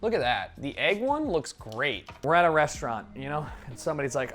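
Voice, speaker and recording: A young man cooking on a live stream, talking in a loose, joking and foul-mouthed ramble. His voice sits at an ordinary middle pitch, and he breaks into sudden loud bursts. Faint music plays underneath. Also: animated, fairly quick. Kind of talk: casual live-stream chat while cooking.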